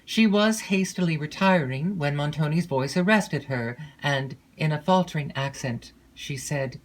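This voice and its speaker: A woman narrating a classic gothic novel in an unhurried, measured storytelling voice. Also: low voice, poor audio. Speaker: audiobook narrator.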